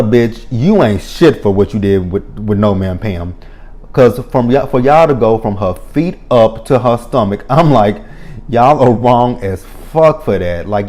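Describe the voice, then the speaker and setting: A young man giving a casual, profane, animated recap of a reality TV episode, laughing often. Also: fairly low pitch.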